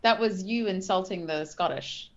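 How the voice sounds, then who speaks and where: A woman chatting and teasing her friends on a video call, expressive and quick to laugh. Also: mid-range voice, muffled recording, over a noisy crowd. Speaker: player. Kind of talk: casual chat.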